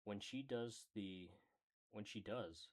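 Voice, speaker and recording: A man casually reading a character book aloud, often stumbling over words, correcting himself and apologizing. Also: fairly low pitch. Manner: slow, halting reading. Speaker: hobby reader of a character book. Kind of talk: casual read-aloud with asides.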